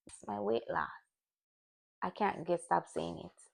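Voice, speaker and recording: A woman's voice: on the low side, measured pace, vocal fry. A young woman talking candidly to camera, looking back on her year in a personal vlog. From Jamaican family. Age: young adult. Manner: candid, reflective, restarts. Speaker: vlogger.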